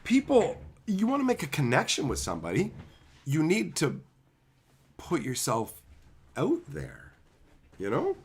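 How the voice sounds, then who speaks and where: A man's voice: fairly high pitch, wildly swooping pitch, a little slow, long pauses. A man streaming live, ranting angrily and sarcastically with lots of swearing while answering his chat. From Canada. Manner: angry, profane, sarcastic ranting.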